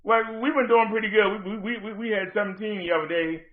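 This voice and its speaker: A man's voice: sits high, fairly even intonation, fast talker. A man hosting his own livestream in a heated rant, confronting someone by reading out her messages and answering them. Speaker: livestream host. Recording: tinny phone-like audio.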